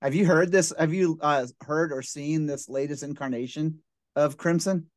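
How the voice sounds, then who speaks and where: A man's voice: fairly high pitch, moderate pace, no echo. A man hosting a casual interview who asks questions eagerly and answers the guest with short interjections. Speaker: interviewer host.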